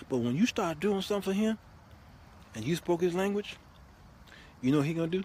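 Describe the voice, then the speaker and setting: A man hosting a show, giving comic relationship advice in an animated, laughing, preachy way. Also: sits high, a little fast, pauses often, slight background noise. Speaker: host. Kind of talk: comedic relationship advice monologue.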